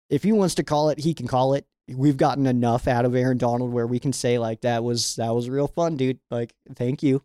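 A man's voice: mid-range voice, warm tone, smooth, no echo, clean studio sound. Rambling young man talking football. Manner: rambling, filler-heavy, with frequent "like". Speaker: sports show host. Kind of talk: casual fan commentary with viewer questions.

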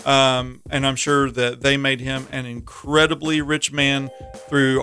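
A man's voice: mid-range voice, flat delivery, measured pace, bright, forceful tone, faint music behind. A man on a podcast as guest, recounting facts and summing up a film in casual chat.

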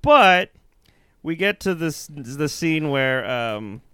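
A man rambles through a bad movie with his co-host, full of fillers, restarts and casual swearing. His voice is smooth and resonant, recorded close and dry with no room sound. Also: a little high, animated, slow pace, a bit bright, no echo. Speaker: podcast co-host. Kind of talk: casual movie review chat.

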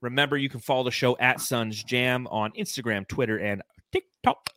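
Bright-voiced man telling stories on a podcast. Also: medium pitch, moderate pace, no echo. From California. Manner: storytelling, laughing often, animated. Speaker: podcast co-host. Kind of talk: casual sports podcast chat.

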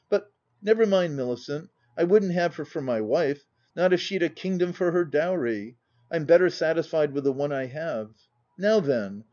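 A man voicing a brash, boisterous young country gentleman who talks in a loud, blustering way, read as part of a storybook. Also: on the high side, dull audio.

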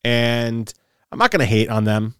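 A man's voice: medium pitch, moderate pace, fairly bright tone, clean tone, dry recording, studio quality. A man co-hosting a podcast in casual chat, rambling and stumbling over repeated words as he gathers his thoughts. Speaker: podcast co-host.

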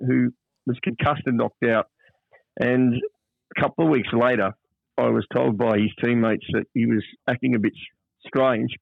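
An older Australian man and podcast co-host, telling stories in a casual, animated way. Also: medium pitch, vocal fry, no echo. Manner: animated storyteller who acts out quoted voices. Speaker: podcast co-host, player manager. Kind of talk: casual storytelling chat. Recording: dry, phone-like narrow sound.

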